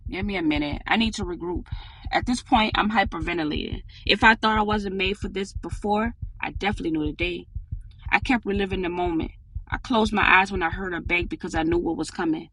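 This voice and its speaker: A woman's voice: lowish voice, fairly quick, fairly bright tone, slightly rough, dry recording. A woman narrating a first-person audiobook in a plain, conversational storytelling manner.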